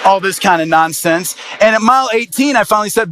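A man, an evangelist, telling a personal story in a sermon with lively, animated delivery. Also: sits high, fast talker, few pauses. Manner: animated, lively storyteller voicing quoted people.

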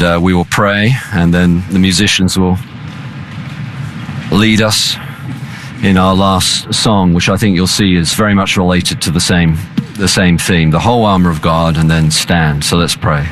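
A man's voice: low voice, a bit bright. A man preaching a sermon in an earnest, emphatic manner. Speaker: pastor.

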